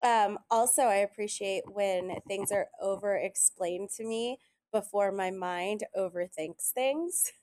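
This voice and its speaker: Woman gabbing on a podcast, lively storyteller, quotes folks a lot, middle pitch. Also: measured pace. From Italian heritage. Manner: animated storyteller, quotes others often. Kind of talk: casual chat.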